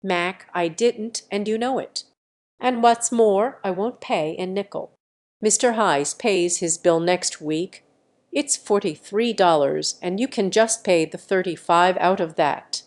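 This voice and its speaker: A woman voicing a stubborn, money-clutching young wife in an audiobook, sharp and defiant. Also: medium pitch, measured pace, close to an everyday voice. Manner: sharp and defiant, then mincing.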